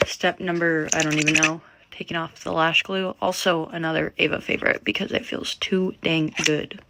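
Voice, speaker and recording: A playful woman walking through her makeup removal step by step, now and then dropping to a whisper. Loud noise runs under her voice, with clicks heard behind. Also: deep voice, little pitch movement, normal speed, creaky.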